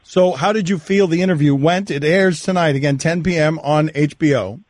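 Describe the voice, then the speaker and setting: A man hosting a radio show, reading promos and arguing his points forcefully with a guest. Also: on the high side, moderate pace. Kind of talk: radio talk and interviewing. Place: radio studio.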